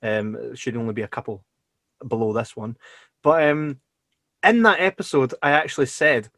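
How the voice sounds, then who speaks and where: A man's voice: medium pitch, moderate pace, no echo, studio quality. A Scottish man co-hosting a podcast, chatting casually and jokily, swearing freely. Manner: swears freely, lively and jokey. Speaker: podcast co-host.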